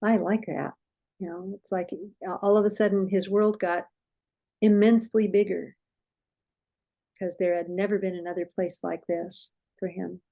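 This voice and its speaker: An older woman speaks with a gentle, soothing calm. Her voice is mellow and warm, and her pitch stays steady and even. She explains without hurry and drops into soft, reassuring tones. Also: normal speed, gravelly, rough recording. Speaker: parenting expert guest. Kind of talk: conversational explaining with a story.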